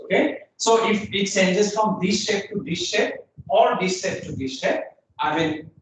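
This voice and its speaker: A man giving a university lecture to a class. He repeats his phrases, often says "I mean" and "uh", and keeps checking in with "is it okay? fine.". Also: a little high. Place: lecture room. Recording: very echoey room, speaker far from mic, faint noise.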